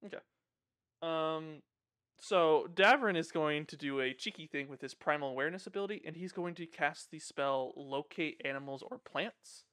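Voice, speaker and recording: A man with a bright, clear, slightly higher voice, casually narrating his character's moves in a tabletop game. He swears freely and talks loosely as a player. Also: normal speed.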